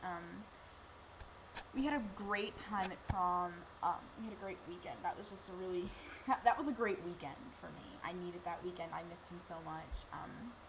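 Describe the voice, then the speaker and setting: Against a noisy background, a teen girl who vlogs recounts something that happened to her, emotional and meandering, voicing other people's lines as she goes. She speaks at a normal speed in a lowish voice.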